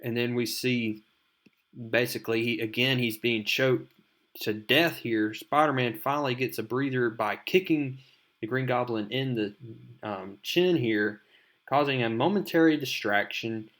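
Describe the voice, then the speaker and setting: A man's voice: mid-range voice, measured pace, fairly bright tone. A man hosting a casual comic book recap, talking in a loose, rambling way. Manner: loose, rambling, many "I mean" fillers. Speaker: comic book video host.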